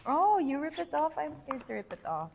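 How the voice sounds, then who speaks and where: A woman's voice: high-pitched, sing-song, a little fast, vocal fry, a little mellow. A young woman, chatting playfully and giggling while tasting food with a friend. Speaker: group member tasting food. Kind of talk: casual chat. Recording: faint noise, long reverb.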